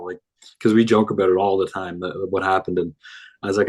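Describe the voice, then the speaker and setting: Low-voiced young man, easygoing. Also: fairly quick, low-quality recording. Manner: easygoing, relaxed rambling. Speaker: hockey player guest. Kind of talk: casual interview chat.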